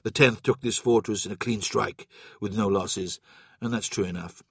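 A battle-hardened male captain, given voice by a man reading a story speaks in clipped, low commands. His tone is grim and steady, and the recording sounds dry and close. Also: normal speed, vocal fry, slightly rough, no room sound, exaggerated voice.

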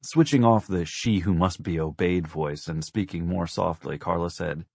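A man reading a novel aloud as an audiobook narrator, in a measured, wry storytelling manner. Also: low-pitched, vocal fry, a little mellow, no echo. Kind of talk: scripted narration.

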